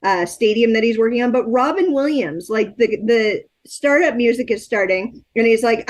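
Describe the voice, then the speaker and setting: A woman's voice: a little high, animated, normal speed, few pauses. Gushing woman podcast host. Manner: enthusiastic, gushing, profane. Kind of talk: casual interview chat.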